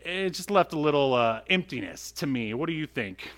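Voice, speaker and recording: Podcast guy thinking out loud, lots of likes and uhs, voice goes up and down a lot. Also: a little high, lively intonation, normal speed. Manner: musing, thinks aloud with many fillers. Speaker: podcast co-host. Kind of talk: casual chat about a cartoon.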